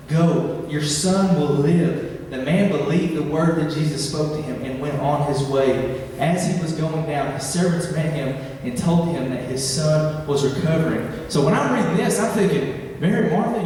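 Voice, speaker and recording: Young guy preaching, bit high voice, big echoey hall, mic far off. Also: a little mellow, slight background noise. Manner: conversational and joking, builds to impassioned pleading. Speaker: campus ministry preacher. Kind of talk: sermon.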